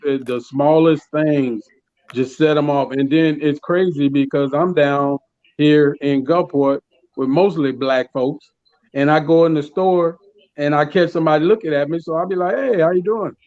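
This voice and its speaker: A man's voice: fairly high pitch, steady tone, normal speed, darkish tone. A man joining a casual chat as a guest, incredulous and acting out exchanges with big jumps in his voice. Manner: incredulous, acts out exchanges with big vocal leaps. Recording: dry, dull lo-fi remote line.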